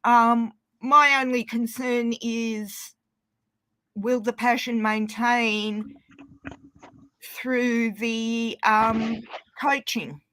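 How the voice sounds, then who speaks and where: A woman's voice: a little high, flat delivery, drawn-out words, a bit bright. A woman from Australia, calling in to a livestream and chatting casually with frequent hesitant fillers. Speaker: caller on a livestream. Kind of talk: casual chat.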